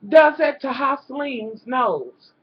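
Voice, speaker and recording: Here a woman with a high, breathy voice takes her time as she recaps a reality show. The rant is profane and casual, full of constant swearing, animated exasperation, and direct "y'all" asides to viewers, all captured in a dull lo-fi home recording.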